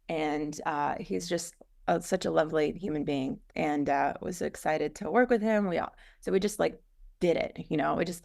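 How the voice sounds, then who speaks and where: Woman guest, gravelly voice, a bit low, chatty w lots of likes and ums. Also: a little mellow. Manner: chatty, frequent fillers, quick asides. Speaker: guest, business co-founder. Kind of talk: casual interview chat.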